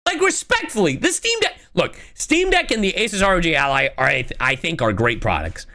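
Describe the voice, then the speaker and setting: A woman's voice: on the low side, huge pitch swings, fast talker, hardly any pauses, sharp tone. A young woman streaming live, ranting in exasperation with lots of swearing while she reads out and answers her chat. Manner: reads viewer chat and thanks subscribers.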